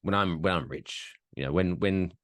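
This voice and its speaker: A man's voice: low voice, normal speed, no room sound. A man co-hosting a podcast, joking and swearing in casual banter into a close mic. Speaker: podcast co-host.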